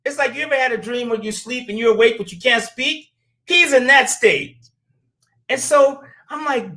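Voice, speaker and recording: Brief: middle-aged man, podcast guest, blunt and profane, lively storyteller. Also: very high voice, moderate pace. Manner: animated storyteller. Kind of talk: casual podcast talk.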